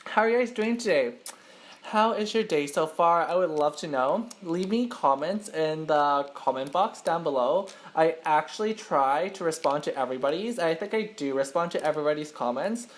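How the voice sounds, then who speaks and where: A man's voice: fairly high pitch, lively intonation, normal speed. Young male mukbang host, chatty and rambling, filler-heavy casual delivery. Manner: self-conscious, admits to nervousness. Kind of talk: casual eating-show chat to camera.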